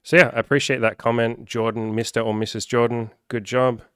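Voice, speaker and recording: A man coaching viewers in a casual, animated vlog, swearing freely and acting out the people he quotes. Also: mid-range voice, a little fast, clean tone, no echo, studio quality. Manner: profane, animated, acts out quoted voices. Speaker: self-improvement coach. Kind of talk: casual direct-to-camera vlog.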